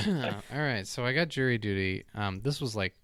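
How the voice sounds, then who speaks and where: A man's voice: mid-range voice, expressive, normal speed, a bit bright. A man co-hosting a podcast, telling a story in a chatty, self-mocking way. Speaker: podcast co-host. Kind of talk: casual storytelling.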